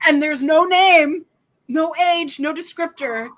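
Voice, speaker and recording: Bright-voiced woman telling animated stories. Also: sits high, takes it slowly. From United States. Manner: animated storytelling, swears, laughs often. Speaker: podcast guest. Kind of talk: casual chat.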